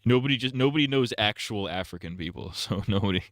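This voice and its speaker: A man's voice: on the low side, lively intonation, fast talker, no echo, studio quality. A young man rambling crude jokes on a casual gaming livestream. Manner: crude, rambling, giggly banter.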